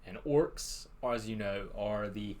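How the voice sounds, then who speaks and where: A man's voice: on the low side, slow, darkish tone. A young man co-hosting a podcast, chatting casually about a book and laughing often. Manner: laid-back, laughs often, plenty of fillers. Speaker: podcast co-host.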